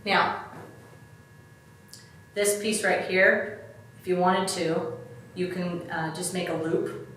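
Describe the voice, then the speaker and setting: A lowish, fairly bright voice with a steady tone belongs to a middle-aged DIY expert who speaks slowly, leaving long pauses. She talks casually through each step of a craft demonstration, chatty and self-deprecating, recorded in an echoey room by a distant mic with faint background noise.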